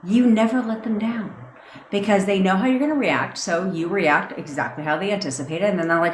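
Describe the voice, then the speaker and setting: Woman, livestream coach, blunt and profane, fired-up rant, mid-pitched, roomy echo. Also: a little fast, a little hiss or hum. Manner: reads and answers viewer comments. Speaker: manifestation coach. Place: home desk. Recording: roomy, echoey room sound.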